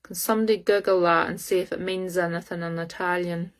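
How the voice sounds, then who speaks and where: A woman hosts a live psychic reading, speaking into her phone. Her voice sits a little low and stays level, with little rise and fall. She talks haltingly and searches aloud for words as she goes. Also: fairly even intonation. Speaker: psychic medium.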